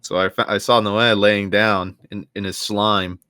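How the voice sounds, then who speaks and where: A man's voice: on the low side, flat delivery, unhurried, sharp tone, no room sound, studio quality. A young man co-hosting a casual comedy podcast, rambling through jokey stories with plenty of restarts. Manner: rambling, jokey, slips into silly voices. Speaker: podcast co-host.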